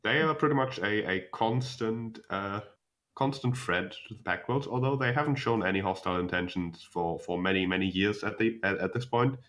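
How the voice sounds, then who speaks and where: A young man narrating as game master, explaining calmly with many fillers and restarts. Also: on the low side, moderate pace.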